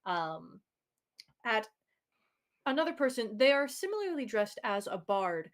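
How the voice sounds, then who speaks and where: A woman's voice: fairly high pitch, very animated, unhurried. Woman game master narrating with laughter. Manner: laughing, rambling narration with fillers.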